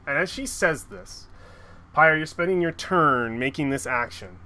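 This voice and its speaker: A man narrates a tabletop game as game master, dragging the pace out and circling back over his words. His voice is bright and a little high. Faint room noise sits behind him. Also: lively intonation. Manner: slow, halting narration with restarts.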